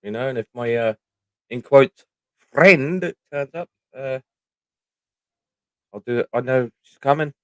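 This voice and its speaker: A man's voice: mid-range voice, a little slow, long pauses, a bit bright, no room sound. A middle-aged man with a British accent, chatting casually on a livestream, rambling and swearing freely. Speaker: livestream host.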